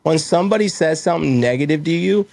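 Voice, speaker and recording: A man on a casual podcast, telling animated stories and acting out little exchanges in quoted voices. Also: on the high side, quick pace, vocal fry, no echo. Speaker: guest, roofing company owner.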